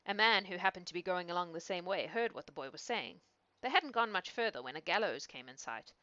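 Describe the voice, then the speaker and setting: Woman reading an old fairy tale, lively, dull lo-fi sound. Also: fairly low pitch, brisk, dry recording. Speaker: storyteller. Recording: dull, dry lo-fi recording.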